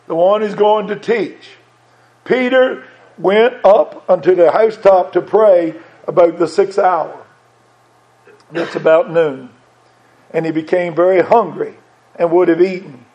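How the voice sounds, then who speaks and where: A man's voice: sits high, warm tone. A man preaching a sermon in a folksy way, repeating phrases for emphasis. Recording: dull lo-fi sound.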